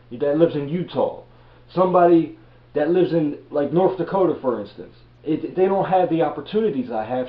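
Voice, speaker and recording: A man in his thirties from Baltimore, giving a blunt, profane motivational rant as a reselling vlogger. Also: on the high side. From Baltimore, USA. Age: 30s. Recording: echoey room, dull lo-fi audio.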